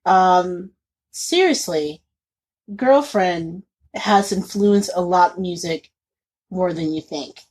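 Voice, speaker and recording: A woman's voice: on the low side, slow, a little mellow, breathy edge. A woman co-hosting a podcast, chatting casually and laughing often. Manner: chatty and giggly, with frequent laughter. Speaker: podcast co-host. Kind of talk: casual chat.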